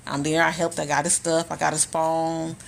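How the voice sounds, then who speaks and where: A woman with a low, gravelly voice and a flat delivery tells stories casually at a normal speed on a phone live stream from home. She's a spiritual content creator, blunt and profane, repeating herself for emphasis.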